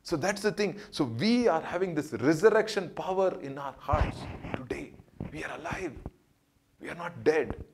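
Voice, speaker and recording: A man giving an earnest Bible study, repeating phrases for emphasis and building up on key points before dropping soft at the ends of lines. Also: on the high side, animated, moderate pace, vocal fry, slight background noise. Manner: rises and swells on key points, drops soft at line ends. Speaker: Bible teacher.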